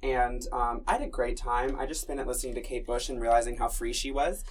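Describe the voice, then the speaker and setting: A man's voice: medium pitch, steady tone, quick pace, far from the mic, slight background noise. A man co-hosting a podcast, chatting with witty, theatrical camp. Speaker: podcast co-host. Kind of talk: casual chat.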